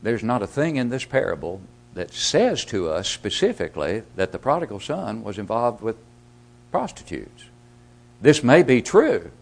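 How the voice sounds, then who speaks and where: A man preaching a sermon, asking rhetorical questions and swinging from loud emphasis to hushed asides. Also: medium pitch, very animated, normal speed, creaky.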